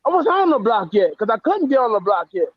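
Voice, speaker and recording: A man's voice: extremely high pitch, sing-song, fast talker, no echo, highs cut off. A man, a guest author telling blunt, profane, emotional stories in a casual interview. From the Bronx, New York.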